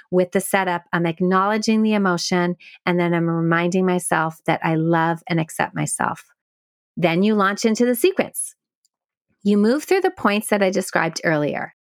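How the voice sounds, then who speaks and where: A woman podcast host calmly explaining a self-help technique step by step, playing with stress on certain words. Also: medium pitch, no room sound, studio quality. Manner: calm, guiding, plays with stress on words. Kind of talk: instructional explanation.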